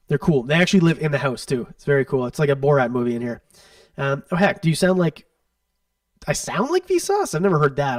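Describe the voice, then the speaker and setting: Host, male, slightly high voice, rambling casual livestream chat, dry sound, a little off-mic. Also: darkish tone, no echo, far from the mic. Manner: rambling, chatty, answers viewer questions off the cuff. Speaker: reptile channel host. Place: home room.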